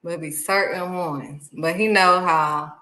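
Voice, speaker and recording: Animated woman sharing faith talk, echoey room. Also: on the low side, measured pace. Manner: animated, acts out excited voices and exclamations; talks straight to viewers, calling them honey. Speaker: faith vlogger.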